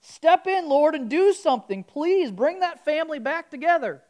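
A fervent praying man with a thick southern twang, as a woman preacher puts him on mid-sermon. He pleads loudly and earnestly with the Lord in a high, lifted voice. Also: lively intonation, normal speed. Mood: pleading prayer.

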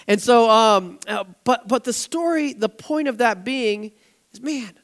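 A male pastor preaching a casual, storytelling sermon in a church, growing animated and nearly shouting when excited. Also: very high-pitched, a little slow.

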